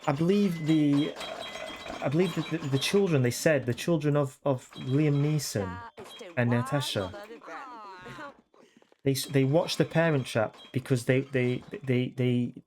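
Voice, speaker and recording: A man streaming a life-sim game chats casually and ramblingly with his viewers, tacking "yeah?" onto many sentences. His voice is mid-range and unhurried, with crowd noise in the background.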